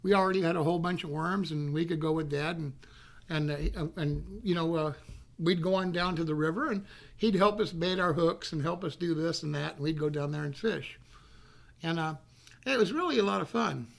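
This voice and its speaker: A man's voice: on the high side, normal speed, gravelly. A man telling a rambling, folksy childhood story, often repeating himself. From North Carolina. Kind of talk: casual storytelling.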